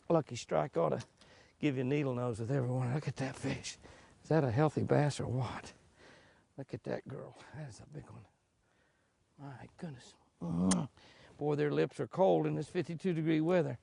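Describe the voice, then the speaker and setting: A man's voice: medium pitch, gravelly, mellow, slightly rough. A man hosting a fishing show from a boat on a lake, exclaiming over each catch, chuckling, and talking to himself. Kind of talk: excited fishing commentary.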